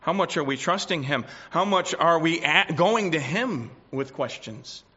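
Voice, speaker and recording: A man preaching a sermon, swinging between loud declarations and quiet asides. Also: fairly high pitch, expressive, unhurried, breathy edge. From United States. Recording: dull lo-fi recording.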